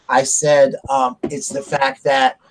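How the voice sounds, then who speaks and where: A man's voice: medium pitch, monotone, slow pace, a little hiss or hum. A middle-aged man from South Carolina hosting a casual chat, talking openly and rambling about family and feelings. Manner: open, rambling, confessional. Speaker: host.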